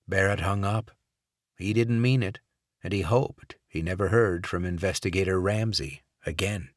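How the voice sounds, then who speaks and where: A male audiobook narrator reads in a measured, steady way with a low voice. The sound is close on the mic and very dry, with no room around it. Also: dry recording. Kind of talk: scripted narration.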